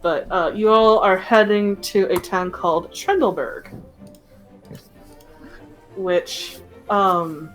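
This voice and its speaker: A woman's voice: medium pitch, slow, pauses often, soft background music, low-quality recording. A young woman running a tabletop game as game master, chatting casually with many fillers.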